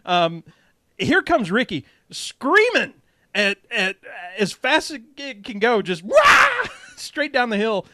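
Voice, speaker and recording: A man's voice: extremely high pitch, sing-song, slow pace, pushed and bright, no echo. A man hosting a casual podcast, telling loose stories and laughing often. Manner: chatty storyteller who laughs often. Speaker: podcast host. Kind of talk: casual chat.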